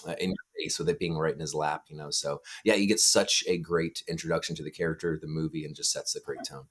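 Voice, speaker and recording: Man, podcast co-host, very deep voice, hesitant, laughs often. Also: steady tone, quick pace, fairly bright tone. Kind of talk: casual film review chat.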